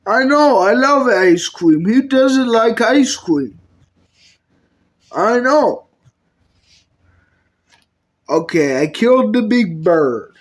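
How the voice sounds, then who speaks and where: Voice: mid-range voice, animated, extremely slow, pauses often. A puppet video maker performing every character in a comedy skit, switching between bickering character voices.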